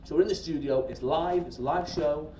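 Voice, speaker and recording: A middle-aged man, a stand-up comedian telling a story on stage to a live audience in a chatty, animated way, swearing freely and often checking in with the crowd. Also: on the high side, brisk. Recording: roomy live-venue recording from a distance. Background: audience laughter and crowd noise.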